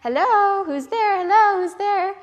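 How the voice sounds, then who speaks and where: A woman voicing a pair of pet parrots, repeating their greeting in a high, mimicking call. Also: unhurried, lo-fi sound. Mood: chirpy. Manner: high, repetitive mimicking calls. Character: squawky chattering pet parrots.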